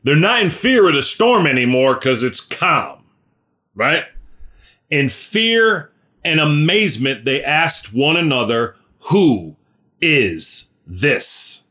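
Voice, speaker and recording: A male preacher delivers an informal sermon at an unhurried pace, in a bright, forceful voice. He keeps checking in with "right?" and speaks to listeners by name. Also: a little high, sing-song. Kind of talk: conversational sermon.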